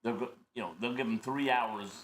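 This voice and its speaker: A man's voice: medium pitch, steady tone, a little fast, echoey room, a little hiss or hum. A man co-hosting a casual chat, chiming in and finishing his partner's sentences. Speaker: co-host, announcer.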